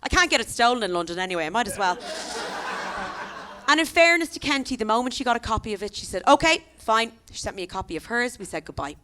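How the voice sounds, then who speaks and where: Lively Irish woman doing stand-up. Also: a little high, quick pace, slight background noise. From Ireland. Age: 30s. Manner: animated storytelling, acts out quoted voices. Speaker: stand-up comedian. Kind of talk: stand-up comedy set. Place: comedy venue stage.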